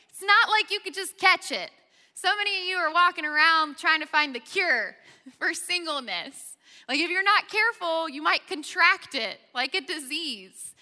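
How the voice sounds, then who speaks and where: A woman's voice: high voice, sharp tone. A young woman preaching to a college-age crowd in a chatty storytelling manner, often checking in with "okay?". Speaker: speaker at a college ministry gathering. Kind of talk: sermon. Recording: reverberant hall.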